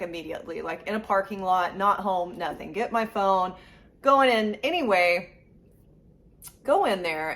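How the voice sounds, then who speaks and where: A woman vlogger venting in a rambling, frustrated casual rant to her viewers. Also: mid-range voice. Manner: frustrated, rambling, quick asides. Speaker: collector vlogger.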